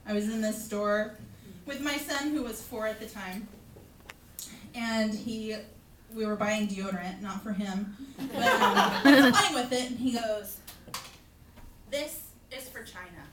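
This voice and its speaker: A woman's voice: medium pitch, measured pace, background noise. A middle-aged woman doing a stand-up comedy set at a bar open mic, wry and self-mocking. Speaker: stand-up comic. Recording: echoey room, crowd laughter.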